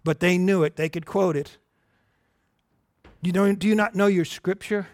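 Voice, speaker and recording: A man's voice: high voice, fairly even intonation, normal speed, no echo, studio quality. A man teaching a Bible lesson as a sermon, earnest and conversational, often asking the listeners questions.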